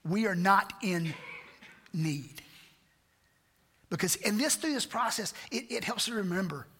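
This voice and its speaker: A man's voice: high voice, lively intonation, unhurried, a bit bright, husky. A man pastor preaching a sermon, earnest and repetitive, asking rhetorical questions. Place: church sanctuary. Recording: church hall reverb.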